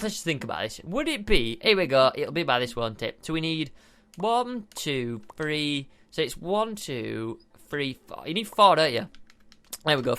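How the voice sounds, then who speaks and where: A young man chatters through his gameplay in a high, bright voice. His pitch swoops all over as he giggles along, bubbly and full of fillers. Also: smooth. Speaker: gaming video host. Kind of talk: casual gameplay commentary.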